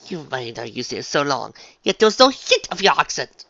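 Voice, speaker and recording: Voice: medium pitch, sing-song, normal speed, vocal fry, fairly bright tone, voice pushed up. A reader voicing a refined, dramatic unicorn dressmaker mare who talks in a posh, gushing, theatrical way, on a dull lo-fi recording. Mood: persuasive.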